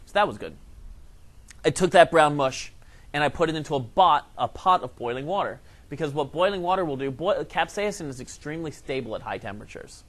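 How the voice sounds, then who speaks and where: A man teaching a science lesson, telling a comic story in an animated way with acted-out quotes. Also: medium pitch.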